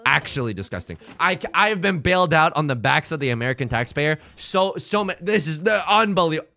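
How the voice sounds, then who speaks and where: A man hosting a let's play, commenting casually on his game in an excitable, jokey way, thinking aloud. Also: fairly high pitch, brisk, gravelly, slight background noise.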